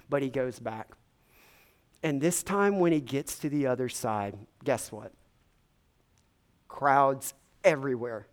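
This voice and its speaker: A man preaching a sermon, retelling a story in a conversational way with many casual fillers. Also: medium pitch.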